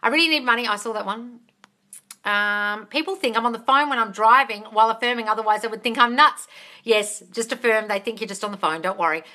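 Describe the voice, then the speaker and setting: A woman's voice: a little high, fairly quick, pushed and bright. A woman hosting a casual livestream Q&A as a manifestation coach. She reads viewer comments aloud and answers bluntly, swears freely and calls her viewers darling.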